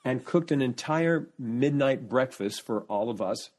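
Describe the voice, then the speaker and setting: A man appears as a podcast guest, chatting casually and sharing lively family anecdotes. His mid-range voice moves at an unhurried pace, and he often restarts sentences while searching for words.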